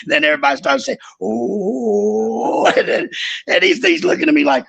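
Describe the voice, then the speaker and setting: Brief: middle-aged ex-wrestler, bright high voice with wide swings, profane rambling stories. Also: male voice, huge pitch swings, a little slow, gravelly. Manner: profane, laughing, rambling storyteller. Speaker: guest, former wrestler. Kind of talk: casual storytelling chat.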